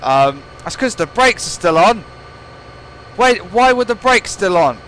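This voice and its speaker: Chatty young man, slightly high voice. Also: sing-song, measured pace, a bit bright, a little hiss or hum. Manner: rambling, playful, self-mocking. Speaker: gaming channel host. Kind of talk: gameplay commentary.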